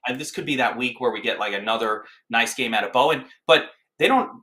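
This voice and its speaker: A man giving fantasy football picks on a casual sports talk show, halting and heavy with fillers. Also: mid-range voice, pushed and bright. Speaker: fantasy football guest analyst.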